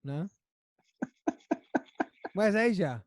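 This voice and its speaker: A man hosting a podcast, telling a story in a rambling, animated way with lots of restarts. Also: high voice, drawn-out words, no room sound, studio quality. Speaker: podcast host. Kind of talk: casual chat.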